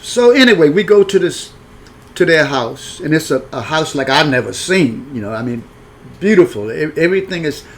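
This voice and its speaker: A man's voice: a little high, a little hiss or hum. Rambling folksy male storyteller. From rural upbringing. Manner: rambling, frank, with many restarts.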